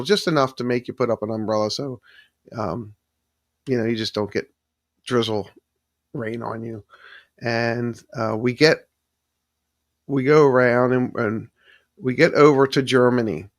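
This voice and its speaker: Hosting a relaxed live stream, this gravelly-voiced man meanders through a story, frequently starting sentences over and calling out chat viewers by name to thank them. His mid-range voice has a fairly bright tone, captured close-up and dry with no echo and minimal room sound.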